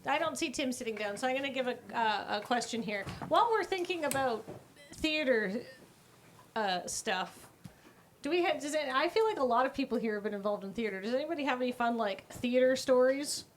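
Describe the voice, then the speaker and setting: A woman with a high voice hosts the panel and poses her questions hesitantly, with plenty of fillers. It is casual chat. Faint clicks and noise sit behind her. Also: expressive, a little fast. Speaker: host.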